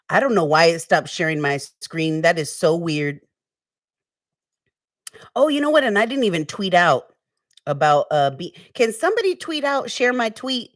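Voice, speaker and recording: A woman's voice: on the low side, expressive, moderate pace, no echo, clean studio sound, far from the mic. A woman hosting a casual livestream, talking over her topic in a slangy, easygoing way and calling her viewers y'all. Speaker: livestream host. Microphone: wearing earphones on a stream setup.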